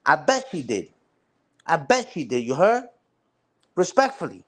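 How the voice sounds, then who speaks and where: Taunting high-voiced New man. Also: sing-song, a little slow. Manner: taunting, repetitive, says "respectfully" and "you heard". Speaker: livestreamer. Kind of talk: casual livestream rant.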